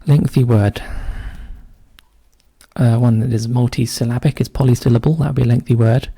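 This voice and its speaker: A man with a dark, gravelly voice talks himself through a crossword. He often trails into a quiet mutter. The sound is dry and close, with no room echo. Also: medium pitch, fairly even intonation, moderate pace. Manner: muses aloud, often drops to a quiet mutter. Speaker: crossword solver. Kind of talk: casual solo puzzle-solving commentary.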